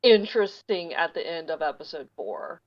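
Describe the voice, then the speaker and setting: A woman co-hosting a podcast in casual chat, excitable and swearing freely. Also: low-pitched, normal speed, no echo, highs cut off. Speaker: podcast co-host.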